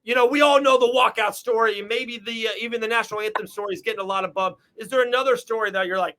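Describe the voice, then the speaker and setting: Bright-voiced enthusiastic podcast host, a man. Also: sits high, fast talker, few pauses. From Florida. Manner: rambling, enthusiastic questions. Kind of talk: casual interview.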